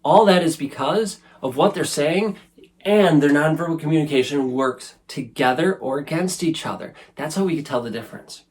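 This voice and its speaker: A man's voice: on the high side, moderate pace. Earnest man talking to camera. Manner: earnest, conversational, frequent "right?" tags. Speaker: show host. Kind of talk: casual self-help talk to camera. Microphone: camera facing speaker.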